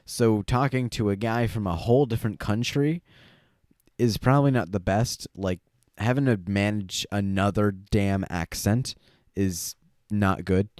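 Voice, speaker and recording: A man's voice: on the low side, steady tone, a little slow, darkish tone, dry recording. Young male co-host, loose rambling chat, dry close-mic sound. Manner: rambling, frequent fillers and laughs. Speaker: podcast co-host. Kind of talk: casual chat.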